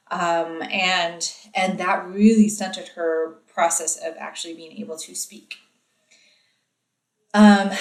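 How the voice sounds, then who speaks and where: A woman's voice: medium pitch, echoey room, far from the mic, poor audio. A woman giving a recorded lecture in a casual, explanatory way with frequent ums and uhs.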